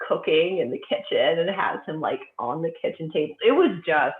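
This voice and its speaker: A woman's voice: sits low, expressive, fairly quick, echoey room. Gushing woman over a tinny phone line. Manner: gushing, enthusiastic, lots of fillers. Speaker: guest author. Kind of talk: casual chat about books.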